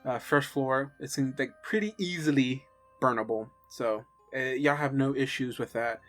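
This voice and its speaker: A man's voice: mid-range voice, soft background music. Laid-back man running a tabletop game. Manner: relaxed, halting with many fillers. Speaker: game master.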